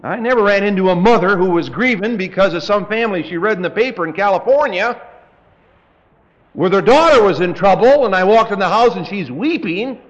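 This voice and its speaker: A man preaching a verse-by-verse Bible study with dry, folksy humor, reading scripture slowly. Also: high voice, expressive. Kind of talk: verse-by-verse Bible teaching sermon. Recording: dull lo-fi tape recording.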